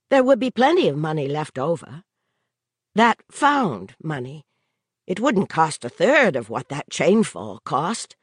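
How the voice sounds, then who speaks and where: Audiobook role: restrained frustrated wife, controlled, slow delivery, dry sound, a woman reads her. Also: mid-range voice, husky, no echo, voice pushed up.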